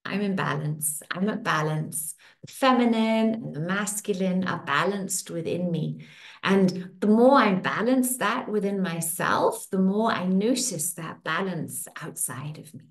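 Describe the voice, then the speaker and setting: Slow, lively-voiced woman leading affirmations. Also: fairly low pitch. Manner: slow, soothing, repeating affirmations. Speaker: facilitator leading a women's circle. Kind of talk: guided tapping affirmations. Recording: echoey room.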